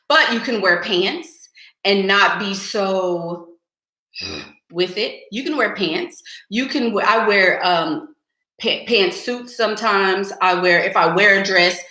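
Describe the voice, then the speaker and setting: A woman's voice: mid-range voice, lively intonation, unhurried, pushed and bright. A young woman hosting a live stream, giving blunt, sassy advice straight to her viewers in casual chat. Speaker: livestream host giving advice. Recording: echoey room.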